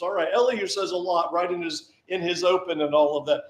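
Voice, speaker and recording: A man's voice: high voice, fairly even intonation, brisk, few pauses. A man preaching a sermon, reading scripture aloud and stressing his points by repeating key phrases. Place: church auditorium. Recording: echoey church room.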